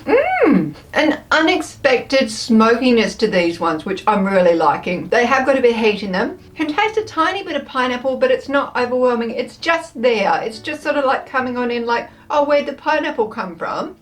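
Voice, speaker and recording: A woman vlogger chatting her way through a taste test, expressive and playful, thinking aloud as she tries each snack. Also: on the high side, moderate pace, hardly any pauses. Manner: playful, with frequent laughs.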